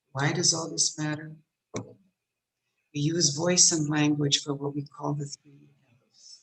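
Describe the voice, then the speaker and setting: A woman giving a motivational speech on voice to a women's club, shifting between soft, drawn-out phrases and forceful ones. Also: deep voice, rough recording. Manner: demonstrates tense and relaxed voices. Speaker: guest speaker. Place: meeting room.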